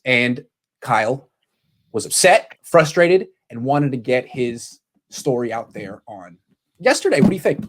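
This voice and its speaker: A man hosting a casual sports talk show, animated and quick to paraphrase what others said. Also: mid-range voice. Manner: animated, quotes people in paraphrase. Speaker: sports podcast host.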